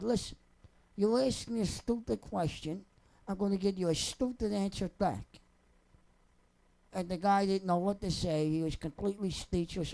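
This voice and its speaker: A man's voice: fairly high pitch, dark tone, poor audio. A young man, a singer telling personal stories off the cuff in a rambling, wry, joking way. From New Jersey. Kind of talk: casual off-the-cuff storytelling.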